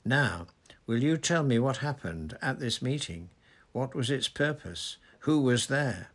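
A man doing a booming, blustering official. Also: animated, a little slow, vocal fry, a bit bright, exaggerated voice. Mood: coaxing. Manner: jovial, booming, falsely fatherly. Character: blustering hearty middle-aged male official.

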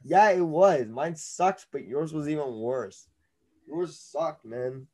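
A man's voice: fairly high pitch, mellow. A man hosting a podcast, chatting casually and mocking his co-host over a video call. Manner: playful, quick to mock and bicker. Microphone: own mic on a video call.

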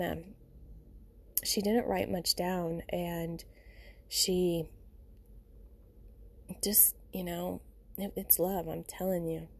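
A woman hosts a podcast from home, offering a casual, reflective monologue that rambles and often includes "you know" and "you guys." Her voice is fairly low, gravelly, dark, and slightly rough.

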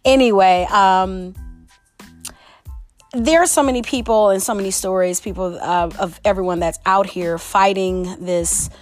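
A woman's voice: medium pitch, fairly even intonation, a little slow, faint music behind. A woman hosting a casual solo podcast, talking in a chatty, exclamatory way. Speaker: podcast host.

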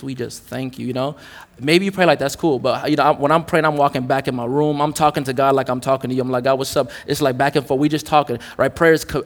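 A young adult man preaching a sermon to a congregation in a candid, conversational, joking way. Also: on the high side. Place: church in front of a congregation. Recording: reverberant church hall.

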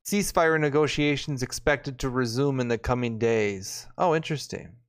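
A man's voice: mid-range voice, moderate pace, smooth. A male host reading news aloud in casual chat, breaking off for joking, sarcastic asides.

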